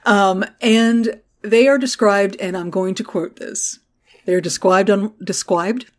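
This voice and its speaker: A woman co-hosting a podcast, recapping a show in casual, animated chat with sarcasm and swearing. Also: mid-range voice, slow. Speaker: podcast co-host.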